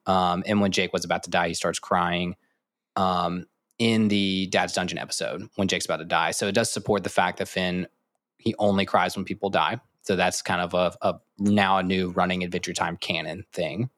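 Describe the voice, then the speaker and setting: A man's voice: sits low, little pitch movement, normal speed, a bit bright, dry recording. A man co-hosting a podcast in casual chat, rambling through a list of trivia with many fillers. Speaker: podcast co-host.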